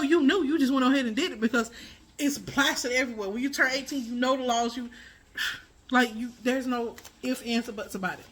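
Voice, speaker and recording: Bright-voiced woman rambling emphatically. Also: a little high. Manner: rambling, emphatic, many fillers and restarts. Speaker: tarot reader. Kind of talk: casual spiritual commentary.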